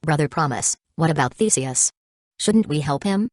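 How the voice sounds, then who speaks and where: Timid little girl, hesitant and stammery, a bit higher than the reader's own voice, done by a woman. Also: expressive, moderate pace, darkish tone, no room sound, studio quality. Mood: worried.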